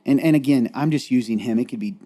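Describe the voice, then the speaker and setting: On a candid faith-based podcast, a male co-host speaks fast in a medium-pitched, dark-toned voice. He is earnest and rambling, tearful and close to crying as he talks.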